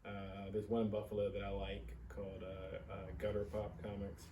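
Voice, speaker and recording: Man, low voice, rambling, trails off softly, distant mic, faint room hum. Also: completely flat delivery, normal speed. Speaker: comic shop owner. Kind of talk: on-camera interview.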